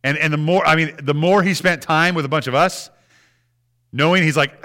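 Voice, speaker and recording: Man, pastor, sermon, bright clear voice, chatty preaching with restarts. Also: fairly high pitch, normal speed. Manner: conversational preaching with frequent restarts and acted-out prayers.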